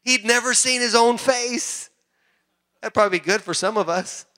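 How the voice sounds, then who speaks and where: A man from the United States preaching a sermon, telling animated stories with frequent restarts. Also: extremely high pitch, moderate pace. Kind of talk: sermon with storytelling.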